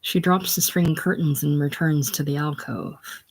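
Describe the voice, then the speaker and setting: A reader calmly reading out a play's stage directions. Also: medium pitch, measured pace.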